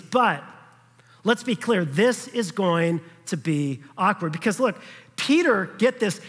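A high-voiced man delivers a sermon with a husky edge, his words carrying a long reverb through a church hall. He keeps the preaching conversational, checking that his listeners are following and briefly acting out the voices in the story. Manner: acts out quoted voices in passing. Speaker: pastor.

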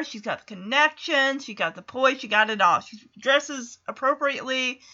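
Lively high-voiced woman podcaster. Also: muffled recording. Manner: animated storyteller who acts out quotes. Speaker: podcast host. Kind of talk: casual episode recap. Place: home.

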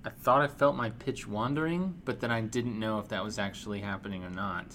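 A man's voice: lowish voice, fairly quick, a bit bright, slight background noise. A man co-hosting a podcast, tipsy, rambling and making fun of himself. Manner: tipsy, rambling and self-mocking. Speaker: podcast co-host. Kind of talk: casual chat.

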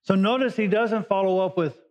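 A pastor whose voice sits high with a darkish tone moves briskly through a conversational sermon. He paraphrases the Bible in everyday words, and the recording is dull and lo-fi.

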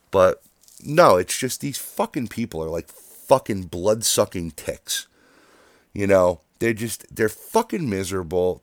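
A man's voice: low-pitched, a little mellow, no room sound. A man ranting in a casual, angry way, swearing constantly and often restarting his sentences. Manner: angry, profane venting with frequent restarts. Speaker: host. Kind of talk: casual rant.

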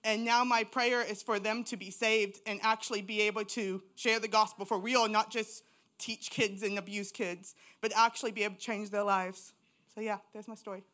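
A woman's voice: medium pitch, level tone, moderate pace, fairly bright tone. A woman telling her personal faith testimony in church, raw and candid. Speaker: church member giving testimony.

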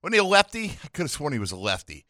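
A man's voice: on the high side, huge pitch swings, very fast, sharp tone, no echo. A man hosting a sports radio show, laughing through casual banter. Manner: laughing constantly, giddy.

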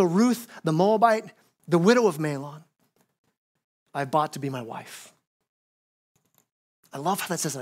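A male pastor preaching in a church, his voice sitting high for a man. He tells the story with animated, acted-out quotes, often stumbling over and repeating his words. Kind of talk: sermon. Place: church sanctuary.

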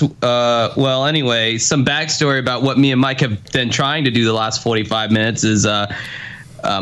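A man's voice: mid-range voice, fairly bright tone. A man co-hosting a podcast, chatting casually, rambling and joking. His audio comes over a computer call and sounds slightly phoned in. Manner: joking, rambling, laughs often. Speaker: podcast co-host. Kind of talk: casual chat.

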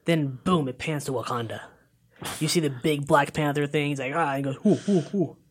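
A man in casual chat, excitedly retelling scenes in a rambling way and briefly acting out the characters' lines. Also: a little high. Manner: excited, rambling retelling with quick acted-out quotes. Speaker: co-host recapping a film trailer.

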